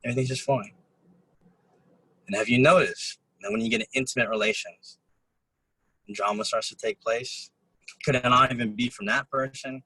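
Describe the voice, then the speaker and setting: A man giving a motivational talk to a group, telling stories and acting out quotes of other people in an animated way. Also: mid-range voice, normal speed, long pauses, husky, no room sound, rough recording. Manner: animated storytelling, acts out quotes. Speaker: motivational speaker. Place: event room.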